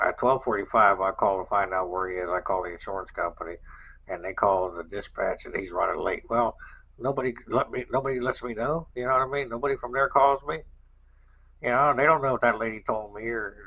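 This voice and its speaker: A man's voice: on the low side, vocal fry, bright, forceful tone, breathy edge, highs cut off. A man hosting a podcast, telling a rambling, aggrieved story in casual chat, repeating himself as he goes. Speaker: podcast host.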